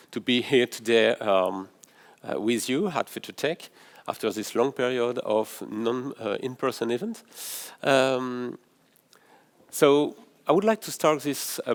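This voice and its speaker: A middle-aged man from France with a French accent, giving a tech conference talk in a halting way and often restarting phrases. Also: medium pitch. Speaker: conference speaker, developer advocate. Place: in-person conference session room.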